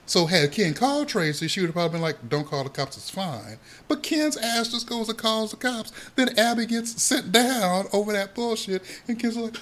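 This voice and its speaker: A man co-hosting a podcast, chatting casually about a soap opera, animated and swearing freely as he acts out the characters' lines. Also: high voice, normal speed, few pauses. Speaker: podcast co-host.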